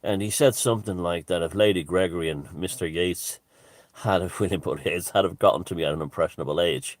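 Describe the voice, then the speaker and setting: Irish man, deep and dry-voiced, vlogger; rambling, halting monologue full of asides. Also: no room sound. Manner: digressive, halting, many restarts and asides.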